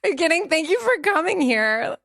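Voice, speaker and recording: A woman's voice: very high-pitched, very animated, fairly quick, creaky, dry recording, clean studio sound. A woman hosting a podcast, speaking in an effusive, chatty way as she thanks a guest and runs through past episodes. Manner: warm-hearted, effusive, chatty. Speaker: podcast host. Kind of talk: podcast interview and outro.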